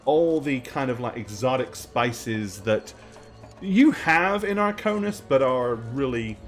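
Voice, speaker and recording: A man narrating a tabletop role-playing game as game master, describing scenes slowly with many fillers. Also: medium pitch, expressive, faint music behind.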